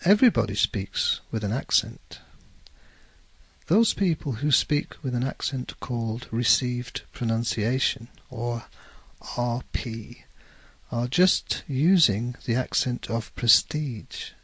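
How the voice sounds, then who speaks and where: A man with a Northern English accent giving a measured lesson, careful and correcting himself now and then. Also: mid-range voice, expressive, a bit bright, slightly rough, no echo. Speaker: English teacher. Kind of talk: scripted explanatory lecture.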